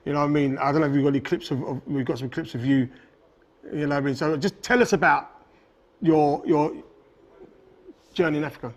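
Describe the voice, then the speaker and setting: A man hosting a casual studio interview who asks his questions haltingly and repeats words as he goes. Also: on the high side, dull audio. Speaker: host.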